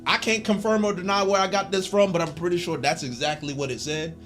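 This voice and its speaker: A man hosting a casual video essay, animated and joking in slangy speech. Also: high-pitched, fast, faint music behind.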